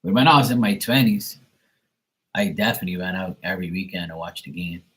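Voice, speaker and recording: A man's voice: low-pitched, fairly even intonation, quick pace, fairly bright tone, husky. A Bermudian man in his thirties chatting casually and rambling on a live stream, with some swearing.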